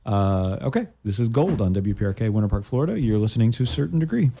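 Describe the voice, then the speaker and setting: A man hosting a college radio show, chatting casually and joking in a deadpan way with a guest in the studio. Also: on the low side, quick pace, vocal fry, husky.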